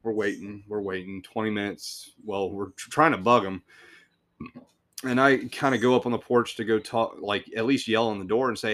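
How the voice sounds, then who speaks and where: A man's voice: on the low side, a little fast, fairly bright tone. A man hosting a podcast, telling a work story in a casual, rambling way with swearing, restarts and chuckles.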